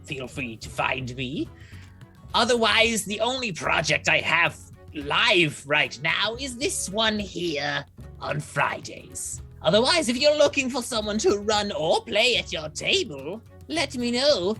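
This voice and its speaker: A woman's voice: mid-range voice, big pitch swings, slow, pushed and bright, soft background music. A woman voice actor and streamer introducing herself in an upbeat, polished way. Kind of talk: self-introduction on a live stream.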